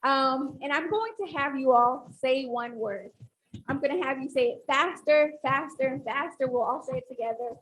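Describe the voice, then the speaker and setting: A woman's voice: high-pitched, moderate pace, a little hiss or hum, rough recording. A woman academic speaking on a panel, talking with animation and leading the audience through an exercise. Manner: animated, instructive, audience-engaging.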